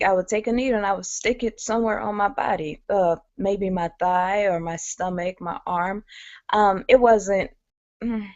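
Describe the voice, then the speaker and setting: A woman's voice: medium pitch, no room sound. A woman sharing a personal story candidly on a webinar, talking conversationally with many fillers. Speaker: guest speaker. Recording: muffled lo-fi audio.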